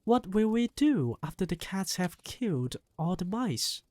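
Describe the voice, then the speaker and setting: Read by one performer, a small boy turned into a mouse bursts out in high, eager exclamations. The pitch leaps about with excitement in a dry, close storybook reading. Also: unhurried, no echo. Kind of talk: audiobook reading.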